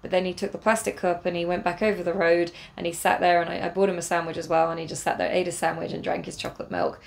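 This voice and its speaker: A woman's voice: fairly low pitch, little pitch movement, fast, vocal fry. An English woman telling a casual, rambling travel diary with many fillers and restarts, earnest and a little spiritual. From England. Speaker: travel vlogger.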